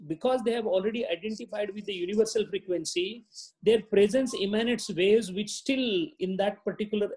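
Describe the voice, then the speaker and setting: A man, teaching yoga philosophy in a high, light voice. He explains slowly and deliberately and sounds out each Sanskrit term with care. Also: darkish tone. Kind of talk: spiritual lecture.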